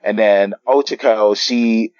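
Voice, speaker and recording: A man with a low voice talks through a comic chapter in casual podcast chat. He hesitates and restarts often. The sound is dull and lo-fi, and completely dry. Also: darkish tone, no echo. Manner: halting, many fillers and restarts. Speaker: podcast guest.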